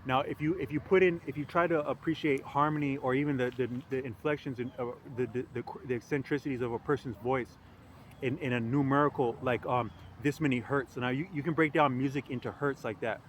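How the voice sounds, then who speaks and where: A man musing aloud in a casual philosophical monologue, rambling and halting with frequent restarts and fillers. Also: medium pitch, steady tone, a little hiss or hum. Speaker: podcast host.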